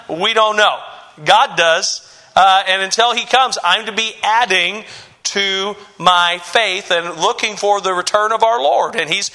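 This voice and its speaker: A man delivering a sermon from the pulpit in a high, bright voice. He preaches emphatically, repeats phrases for weight, and often stumbles and restarts mid-sentence. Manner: emphatic, repetitive, with frequent restarts and stammers. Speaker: pastor.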